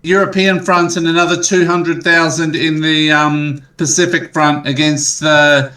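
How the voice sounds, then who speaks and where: A man's voice: fairly high pitch, level tone, unhurried, pushed and bright, roomy sound, far from the mic. A man co-hosting a casual podcast, chiming in with short asides. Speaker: co-host. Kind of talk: casual chat.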